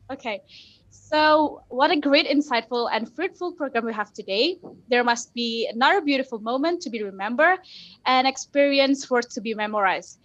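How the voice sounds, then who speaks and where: A high, bright-voiced woman emcees an online class. She reads cheerful, formal thank-yous and stumbles lightly on words. Her voice comes through a dull, muffled video call. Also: normal speed. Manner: cheerful, formal thanks with small self-corrections. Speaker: master of ceremonies. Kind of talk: scripted online event closing.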